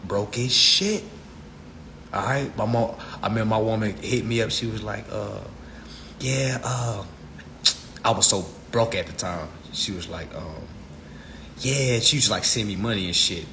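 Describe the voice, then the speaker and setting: A man's voice: lowish voice, measured pace, pauses often, background noise. A man on a live stream, ranting in a blunt, profane, preachy way into his phone. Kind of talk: casual rant.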